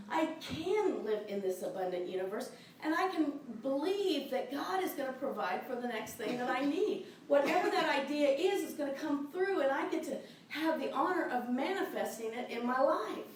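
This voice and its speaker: A woman's voice: high-pitched, very animated, moderate pace, few pauses, slight background noise. A middle-aged woman minister giving a chatty, enthusiastic sermon, laughing often, recorded from a distance in a church sanctuary. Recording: very echoey, distant mic in a church.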